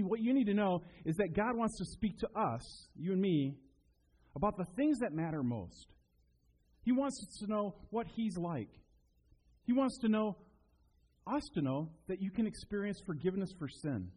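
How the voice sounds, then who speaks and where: A male pastor preaching with a lively, up-and-down delivery, breaking into little acted-out voices while he tells stories. His voice sits a bit high and has a husky edge. He speaks to a congregation in a church. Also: poor audio. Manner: animated storytelling, acts out quotes. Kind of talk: sermon.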